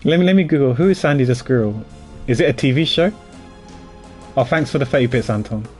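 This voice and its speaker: A man's voice: medium pitch, animated, quick pace, a little mellow, faint music behind. Chatty self-mocking male streamer. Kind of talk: casual livestream commentary.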